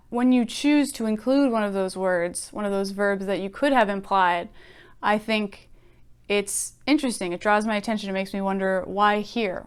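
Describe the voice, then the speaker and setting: A woman's voice: medium pitch, clean tone. Thoughtful woman teaching poetry. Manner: conversational, thoughtful, many fillers. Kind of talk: casual teaching with poem readings.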